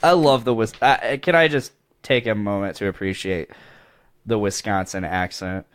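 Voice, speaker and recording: A man's voice: fairly low pitch, normal speed, clear, resonant tone. Guy hosting a messy podcast hangout, laughs a lot, swears. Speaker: podcast host. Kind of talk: casual chat.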